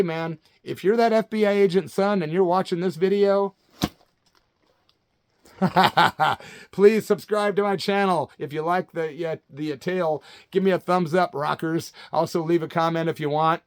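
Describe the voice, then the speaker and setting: Animated man in his late fifties. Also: on the high side, normal speed, dry recording, studio quality. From Central Illinois. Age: 50s. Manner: animated, says "man" constantly. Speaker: channel host. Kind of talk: casual storytelling vlog.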